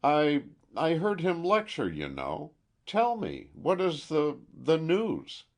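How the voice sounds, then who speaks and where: A man's voice: a little high, huge pitch swings, pitched above the performer's own voice, heavily acted. A frightened young woman, as a man puts her on. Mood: shaken. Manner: halting, tremulous, stammering. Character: frightened secretive young woman art student.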